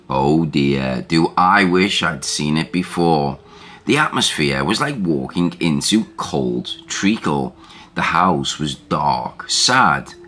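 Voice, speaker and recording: A man narrating a first-person ghost story as a scripted reading, in a measured, deliberate way. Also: extremely low pitch, sharp tone.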